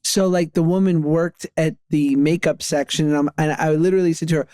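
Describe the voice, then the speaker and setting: Man, thirties, podcast co-host, casual storyteller, laughs mid-story, slightly high voice, dry close sound. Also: steady tone, brisk, warm tone, clean tone, no echo. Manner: anecdotal storyteller, laughs through his stories. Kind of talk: casual chat.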